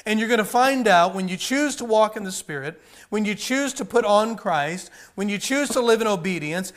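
High-voiced man preaching a folksy sermon. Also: animated, normal speed. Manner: folksy, repeats phrases, many fillers; calls people up for a live demonstration.

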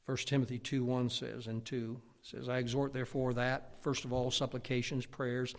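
A middle-aged man preaching a sermon, lively and animated, climbing to near-shouts and acting out his listeners' objections. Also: medium pitch, moderate pace, few pauses. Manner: animated, rising to near-shouts when stirred up; acts out imagined listeners' objections.

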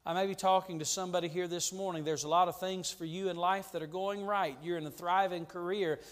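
A male pastor preaching a sermon, fervent and preacherly, dropping to a hush and then rising to a ringing call. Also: high-pitched, fairly even intonation, fairly quick. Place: church sanctuary. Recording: long hall reverb in a church.

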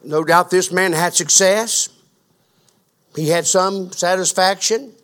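A man preaching a sermon as pastor, asking the congregation questions and building to a fervent, loud delivery. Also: high-pitched, takes it slowly. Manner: grows louder and more fervent.

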